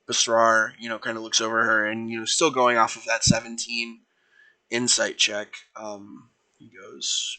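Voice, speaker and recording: A young man narrates his fan fiction live from a home stream, trailing into fillers and self-corrections as he goes. His voice is strikingly bright and sits at an ordinary pitch. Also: level tone, a little slow, low-quality recording. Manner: voices figures without putting on accents.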